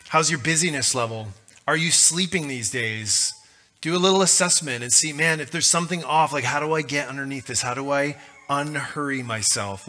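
A man's voice: medium pitch, bright, forceful tone. A male pastor giving a conversational, joking sermon.

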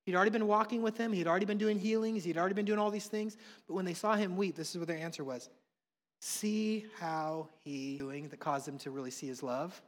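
A man, preaching a sermon with passion, swinging between hushed and loud. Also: high-pitched, fairly quick. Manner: impassioned, swings from soft to loud. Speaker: pastor. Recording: long reverb of a large hall.

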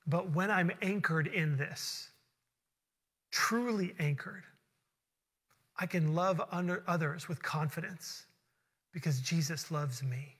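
A male pastor with a high, bright, ringing voice preaches in a church sanctuary. He tells his story with earnest conviction and speeds into excited rushes when it grows tense. A long reverb tail hangs after each phrase. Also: slightly rough. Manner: earnest storytelling, building to fast excited bursts. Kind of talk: sermon with personal story.

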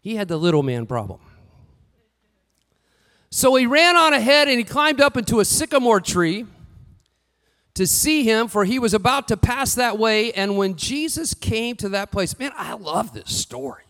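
A man preaching a sermon with lively delivery, rising to shouts and acting out what the figures say. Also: high-pitched, normal speed. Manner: animated, shouting at peaks, acting out quotes. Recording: long hall reverb.

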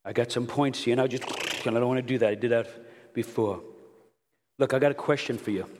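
Animated New preacher in a reverberant hall. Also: male voice, medium pitch, fairly quick. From Brooklyn, New York. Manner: animated storyteller, swings to loud outbursts. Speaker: pastor. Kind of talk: sermon.

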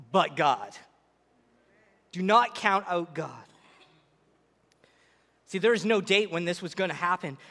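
A pastor delivers his sermon with animated energy, slipping into dramatic quoted voices. He is a man with a strikingly high-pitched voice. The sound rings out with a long reverb, as if he stands in a big church hall.

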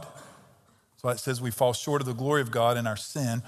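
A man's voice: mid-range voice, steady tone, normal speed. A man preaching a sermon as pastor, emphatic and conversational, with pointed rhetorical questions. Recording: long reverb of a large hall.

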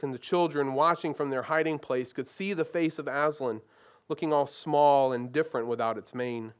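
A man retelling and then reading a story aloud with an expressive, dramatic delivery. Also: mid-range voice.

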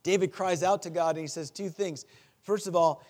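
Middle-aged guy preaching, earnest, gets fired up, kinda high voice. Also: steady tone, normal speed, a little mellow. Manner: earnest, rising to impassioned pleas. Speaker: pastor. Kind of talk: sermon.

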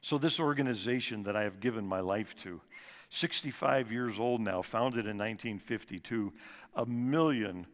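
Man in his sixties testifying in an echoing church. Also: lowish voice. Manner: earnest storytelling, slows and drops soft for emphasis. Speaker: guest speaker at church service. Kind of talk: personal testimony talk. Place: church sanctuary. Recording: long reverb of a large church hall.

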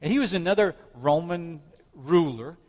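A man's voice: a little high, expressive, moderate pace, a little mellow. Preacher man in a reverberant hall. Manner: storytelling, dramatic retelling with swelling emphasis. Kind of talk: sermon.

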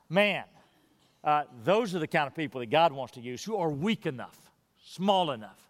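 Bright-voiced emphatic male preacher. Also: big pitch swings, normal speed, big-room sound. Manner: emphatic, drops to low quiet intensity on key phrases. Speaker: pastor. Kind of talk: sermon.

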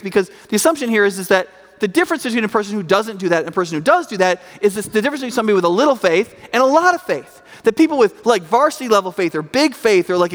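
A man's voice: sits high, vocal fry, in a large hall. A man preaching a sermon in a conversational, emphatic way, often checking in with "right?".

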